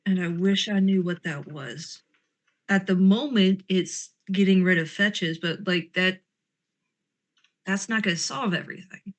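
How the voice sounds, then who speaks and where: A woman's voice: mid-range voice, a little slow. Woman player, in-character banter, gripes and rambles, sarcastic streak. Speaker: tabletop game player. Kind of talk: in-character role-play chat.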